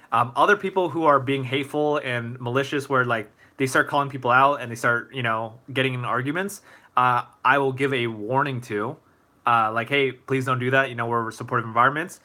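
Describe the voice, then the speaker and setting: A young man hosting a casual live Q&A stream, answering viewer questions in a relaxed, thoughtful way with many fillers and restarts. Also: medium pitch, normal speed.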